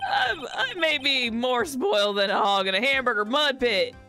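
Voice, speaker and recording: A woman's voice: a little high, expressive, normal speed, pushed and bright, soft background music, pitched above the performer's own voice. A woman voicing a panicked country bumpkin man with a Southern US accent, pleading in folksy turns of phrase.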